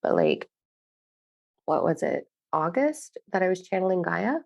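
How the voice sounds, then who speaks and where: Low gravelly woman channeler. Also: very animated, darkish tone, no echo. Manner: slow, pausing delivery when channeling; frequent filler "like" in chat. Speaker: spiritual channeler. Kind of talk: channeled message and casual chat.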